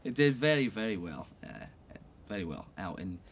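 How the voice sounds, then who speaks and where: A man's voice: fairly low pitch, very animated, normal speed, gravelly, a little hiss or hum. A man playing a polite, hesitant lead actor who stammers.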